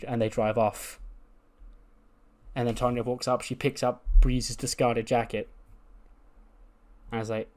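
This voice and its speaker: A man's voice: mid-range voice, a little mellow. A man telling the story of a wrestling game in a loose, casual way, rambling, laughing and swearing as he goes. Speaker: let's play host.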